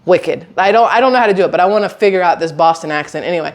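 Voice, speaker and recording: A woman's voice: fairly low pitch, very fast. Chatty woman vlogging. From southern United States. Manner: chatty, rambling, animated with frequent asides. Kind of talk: casual chat to camera.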